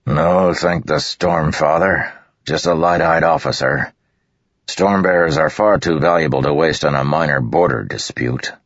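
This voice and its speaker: A man's voice: a bass voice, unhurried, fairly bright tone, dry recording, dull audio, exaggerated voice. A man voicing a wary male soldier, a loyal second-in-command who questions his leader in a storybook. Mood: doubtful. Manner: questioning, doubtful.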